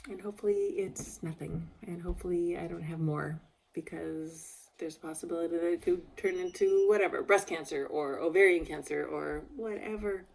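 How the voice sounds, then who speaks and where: This video diarist has a lowish, gravelly voice and talks at a normal speed. Speaking candidly in a casual personal vlog, she's emotional, slightly tearful, and tends to ramble.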